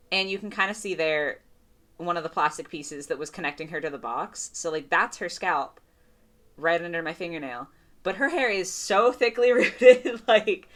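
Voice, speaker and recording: A young woman giving a casual, gushing doll review, full of fillers and excited praise. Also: on the low side. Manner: gushing, chatty, lots of "like" fillers.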